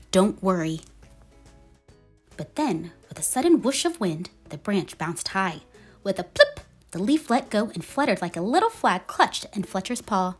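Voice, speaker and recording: A woman reading a children's picture book aloud in a gentle, expressive storytelling manner. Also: mid-range voice. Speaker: storybook reader.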